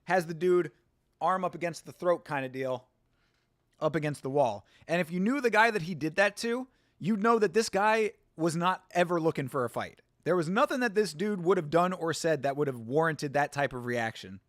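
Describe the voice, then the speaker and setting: A man's voice: fairly high pitch, moderate pace, a bit bright, dry recording, clean studio sound. A man hosting a live watch-along stream, chatting casually, reading out chat and rambling through stories with restarts.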